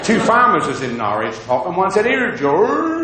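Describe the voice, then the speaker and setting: A man's voice: on the high side, sing-song, brisk, background noise. A man doing a bawdy stand-up routine, telling jokes and slipping into character voices before a live audience. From England. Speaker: stand-up comedian. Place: live comedy venue. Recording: echoey live venue with loud crowd laughter. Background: audience laughing.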